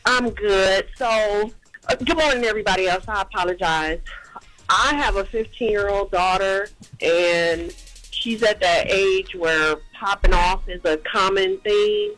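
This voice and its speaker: A middle-aged woman calls in to a radio show for advice, speaking in an earnest, measured way. Faint music sits behind her call. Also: mid-range voice, a bit bright, rough recording. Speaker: caller.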